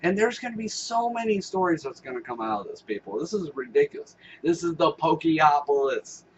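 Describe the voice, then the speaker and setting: A man's voice: a little high, lively intonation, fairly quick. Man, casual vlog, rambling, swearing, dull lo-fi mic, faint noise. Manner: rambling, swearing, laughing asides. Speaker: vlogger.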